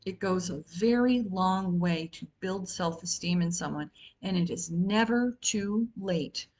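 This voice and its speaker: In a lowish, slightly mellow voice at a measured pace, a woman in her fifties talks informally about self-help as a wellness coach. She chats freely, often using fillers and starting over.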